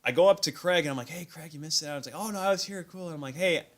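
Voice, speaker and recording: Bright-voiced man telling sports stories. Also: a little high, very fast. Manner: animated storytelling, self-deprecating. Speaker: host. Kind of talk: casual sports chat. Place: remote stream call.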